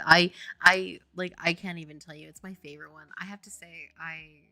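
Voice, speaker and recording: A young woman hosting a livestream and chatting casually. She is animated and giggly and gushes with enthusiasm. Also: lowish voice, normal speed, hardly any pauses. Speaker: indie game developer and stream host.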